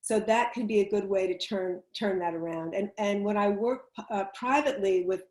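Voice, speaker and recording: A woman's voice: mid-range voice, normal speed, darkish tone. A woman public speaking coach giving chatty, emphatic advice on a video call, laughing easily as she explains. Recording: roomy echo on a video call.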